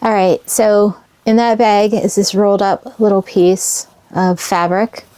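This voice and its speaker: Her medium-pitched voice is steady, warm and smooth, in a dry recording. She's casually showing her audience old fabric scraps, talking to them as she unpacks, sentimental and wistful at an unhurried, musing pace for a show-and-tell vlog.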